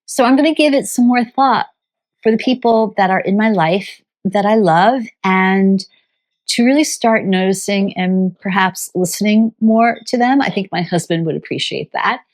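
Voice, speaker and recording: A woman vlogger on a farm channel, telling a story in a gentle, heartfelt, reflective way. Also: medium pitch, moderate pace.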